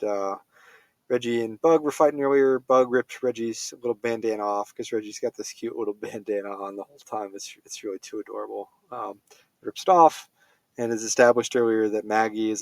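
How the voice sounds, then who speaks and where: A man's voice: on the low side, fairly even intonation, fairly quick, dry recording. A man giving a casual spoken film review, rambling with many fillers and self-corrections.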